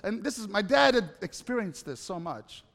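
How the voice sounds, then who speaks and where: A man with a New York accent preaching a sermon, telling stories and acting out quotes, building to loud emphatic peaks. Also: high-pitched, moderate pace, gravelly. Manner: storytelling, acts out quotes, animated rising emphasis. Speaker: pastor. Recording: long hall reverb.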